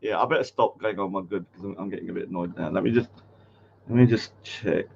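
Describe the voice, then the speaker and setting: A man's voice: deep voice, fast, gravelly, lo-fi sound, background noise. A man hosting a casual livestream, rambling with lots of fillers and getting easily annoyed. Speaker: host.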